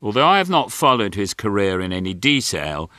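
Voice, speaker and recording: Older man, low and bright, dry wit, lively delivery; close dry studio read. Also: fairly quick, no echo. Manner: dry, wry, self-mocking. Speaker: author and narrator. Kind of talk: audiobook memoir narration.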